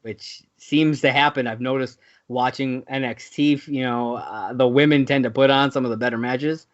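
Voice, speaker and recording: A man co-hosting a podcast, chatting casually about wrestling in a relaxed, rambling way. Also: mid-range voice, moderate pace. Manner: relaxed, rambling, many fillers. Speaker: podcast co-host. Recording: dull lo-fi audio.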